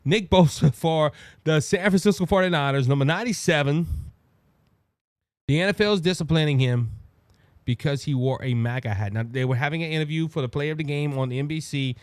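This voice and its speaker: A man with a Cajun Louisiana accent hosting his own show, giving animated, mocking political commentary full of restarts and asides. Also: on the high side, fairly quick, no room sound. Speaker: podcast host.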